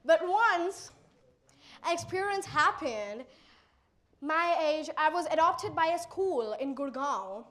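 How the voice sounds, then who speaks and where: Teen girl, Indian English accent, high voice; animated motivational speaker acting out dialogue. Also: slow. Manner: animated, acts out quoted exchanges. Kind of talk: motivational storytelling talk.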